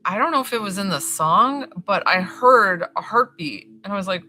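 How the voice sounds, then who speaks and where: Woman healer, live-stream session, bright forceful voice, rambling and reassuring. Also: medium pitch, animated, moderate pace, few pauses. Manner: chatty and rambling, many fillers; reassuring, affirming. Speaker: spiritual healer. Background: faint music.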